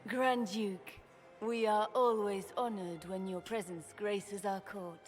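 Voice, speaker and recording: An actress playing a gracious empress who speaks in a measured, courtly way. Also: female voice, mid-range voice, fairly even intonation, darkish tone, soft background music, close to an everyday voice. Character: gracious, poised female empress.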